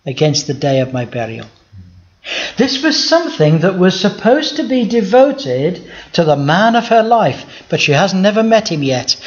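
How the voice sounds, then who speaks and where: Pastor preaching, lo-fi recording. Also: male voice, a little high. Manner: conversational preaching with rhetorical questions to the audience. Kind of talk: sermon. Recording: dull lo-fi sound.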